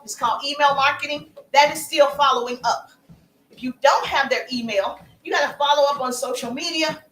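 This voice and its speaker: High-voiced energetic woman coaching live. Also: echoey room, low-quality recording. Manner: energetic, calls out viewers by name. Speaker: business coach. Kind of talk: live-stream coaching talk.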